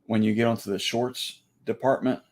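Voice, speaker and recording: A man's voice: lowish voice, fairly even intonation, normal speed, a little mellow. A man with a Southern US accent, co-hosting a casual ranch livestream, talking hesitantly and trailing off while he searches for words.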